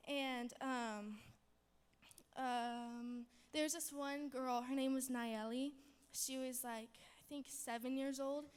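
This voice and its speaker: A woman's voice: high voice, steady tone, slow pace, clean tone. A young woman giving a chapel testimony, bubbly and rambling, with lots of fillers. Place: chapel hall. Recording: long hall reverb.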